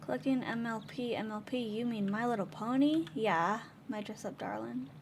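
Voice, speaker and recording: A woman's voice: fairly high pitch, normal speed, vocal fry, slight background noise. A young woman hosting a casual livestream from home on a desk microphone, chatty and giggly as she answers her chat. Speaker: livestream host.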